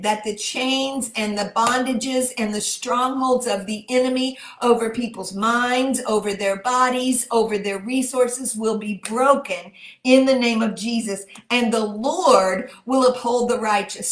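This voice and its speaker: A woman with a Texan accent leading a livestreamed prayer, reading scripture fervently and slowing down to repeat key phrases. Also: a little high. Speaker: prayer leader. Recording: echoey room.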